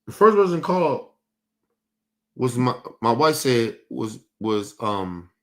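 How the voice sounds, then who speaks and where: A man's voice: mid-range voice, very animated, slow, a bit bright. A young man, hosting a stream and ranting about his family in a heated, profane, repetitive way. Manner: heated, profane, repeats himself. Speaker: streaming show host. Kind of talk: casual rant to a stream audience.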